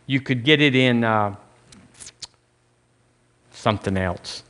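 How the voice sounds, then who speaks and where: A man's voice: medium pitch, slow pace, fairly bright tone. A man preaching a sermon as pastor, in a casual, conversational way, often restarting his phrases.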